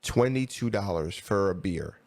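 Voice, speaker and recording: A man's voice: deep voice, expressive, a little slow, darkish tone. A man co-hosting a podcast in casual chat, laid-back and agreeable, often asking probing questions. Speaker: podcast co-host.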